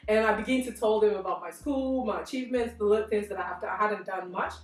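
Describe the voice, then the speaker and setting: A woman's voice: mid-range voice, quick pace. A young woman with a slight Australian accent telling a story in a casual group discussion, acting out the dialogue. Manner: animated storyteller, acts out dialogue. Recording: roomy room, distant mic, faint music.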